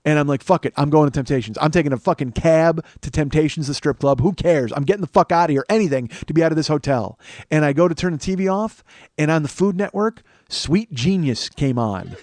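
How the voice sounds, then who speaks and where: A man's voice: fairly high pitch, a little fast, no room sound. Profane storytelling man, dry close sound. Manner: animated, swearing, acts out quoted people. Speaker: comedian and podcast host.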